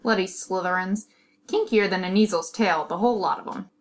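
A woman's voice: medium pitch, a little fast, natural voice. A woman voicing a cocky, mischievous teenage schoolboy wizard in an amateur audio drama, with an offhand, teasing delivery.

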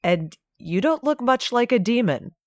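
A woman's voice: on the high side, big pitch swings, a little slow, no echo, studio quality, voice pushed up. A woman voicing a cheeky, fearless young man in an audiobook reading. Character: bold, cheeky young man, no self-preservation. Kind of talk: audiobook fan fiction reading.

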